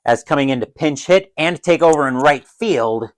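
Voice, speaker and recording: A man calling a tabletop dice baseball game as a solo play-by-play announcer, who gets loud and excited on big plays. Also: a little high, normal speed, poor audio. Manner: adds his own crowd cheers.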